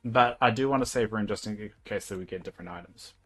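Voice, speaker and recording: This is a young New Zealand man with a lowish voice, musing aloud on a livestream as he builds in a game. He drifts along with ums and half-finished thoughts. A little game music plays softly behind him. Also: fast talker. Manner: relaxed, rambling, thinking aloud with fillers. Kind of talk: casual livestream commentary while playing a game.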